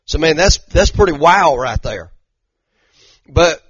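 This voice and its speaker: An older pastor leads a conversational sermon, folksy and animated, often building to emphatic bursts. His voice sits a little high for a man. The sound is dry and close, and a bit dull and muffled. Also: slow, pauses often, husky, dry recording. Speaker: pastor teaching a Bible study.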